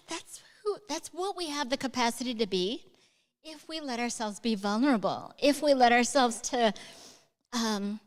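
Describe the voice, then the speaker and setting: A woman's voice: high voice, long reverb tail. A woman author answering audience questions at a live event, talking in an enthusiastic, chatty way with lots of fillers. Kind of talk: live onstage conversation.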